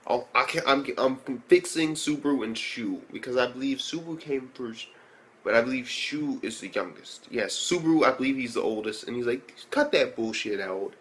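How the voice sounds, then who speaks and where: An excitable young man talks through an anime episode in a loose, rambling way. He swears freely, piles up filler words and stays mid-pitched. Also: normal speed. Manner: rambling and profane, many fillers; excitable, jumps into high reactions. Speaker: anime reviewer. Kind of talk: casual recap and review.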